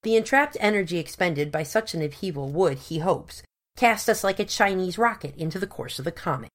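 An earnest, persistent gentleman scientist, read by a woman lays out his scheme in long, careful sentences. The voice sits fairly low and stays precise and formal throughout. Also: animated, fairly quick.

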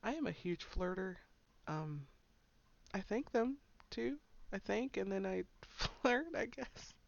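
Giggly, gravelly young woman chatting slowly. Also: mid-range voice, lively intonation, no room sound. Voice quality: frequent giggles, breathy whispered asides. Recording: slightly dull lo-fi sound.

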